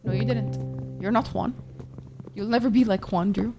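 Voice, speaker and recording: A woman's voice: mid-range voice, fairly even intonation, normal speed, music in the background. A woman streaming a game live, chatting casually with her viewers, swearing often and reacting to chat.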